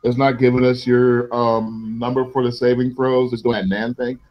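A man running an online tabletop game as game master, making relaxed, joking rulings. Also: mid-range voice, moderate pace, muffled recording.

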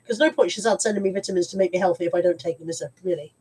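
A woman's voice: on the low side, racing, mellow, slight background noise, low-quality recording. A woman with a stuffy head cold, chatting in a rambling, self-mocking way on a live stream from home. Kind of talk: casual live-stream chat.

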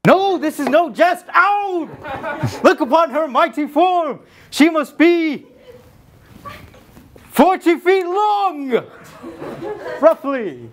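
A man's voice: very high-pitched, a little hiss or hum, full character voice. A man playing a grandiose theme-park founder presenting his dinosaurs in a live comedy sketch. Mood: alarmed. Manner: showman presenter, slow and lively.

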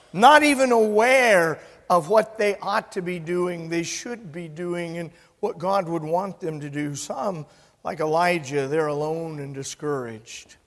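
A man in his sixties, a pastor preaching an emphatic sermon that swings from loud to soft. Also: high voice. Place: church sanctuary. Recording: long church reverb.

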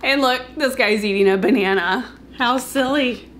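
A woman librarian leading a storytime for young children, talking in a gentle sing-song way and inviting them to join in. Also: on the high side, normal speed, slight background noise.

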